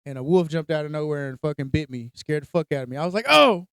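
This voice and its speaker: High-voiced animated man telling stories. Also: very fast, smooth, dry recording. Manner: animated storytelling, heavy cursing, acts out reactions. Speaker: podcast co-host. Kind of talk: casual chat.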